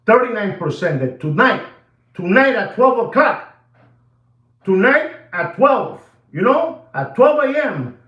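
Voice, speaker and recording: Animated man ranting with tinged speech. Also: a little high, roomy sound, low-quality recording. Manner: repetitive, animated, emphatic, addresses ladies and gentlemen. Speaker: watch channel host. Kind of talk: livestream rant.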